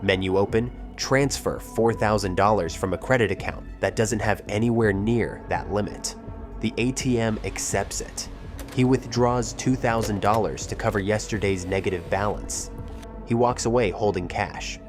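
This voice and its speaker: A man giving scripted documentary narration in a measured, suspenseful storytelling manner. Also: lowish voice. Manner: tense, measured storytelling with dramatic pauses. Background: background music.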